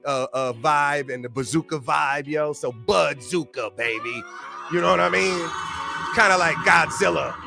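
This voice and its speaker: A man hosting a webinar, talking in an energetic hype-man style with lots of slang and a sing-song delivery. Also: on the high side, measured pace, creaky. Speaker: webinar host. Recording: hip hop music playing behind.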